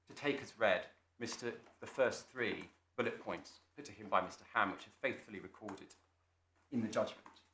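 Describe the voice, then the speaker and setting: A male barrister making measured, formal submissions to appeal judges, with small restarts. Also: lowish voice, sharp tone. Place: large echoey courtroom. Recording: echoey courtroom, faint noise.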